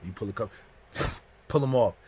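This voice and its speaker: A man's voice: on the low side, brisk, darkish tone, slight background noise. A man casually telling a story from prison, acting out the other people in it. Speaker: storyteller host.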